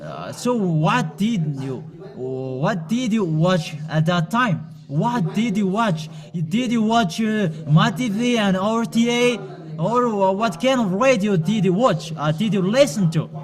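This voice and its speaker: A man delivers a sermon in a high voice at an unhurried pace. He speaks haltingly, pausing and restarting often as he admonishes his listeners directly. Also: lively intonation. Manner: halting, with frequent pauses and restarts. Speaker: preacher.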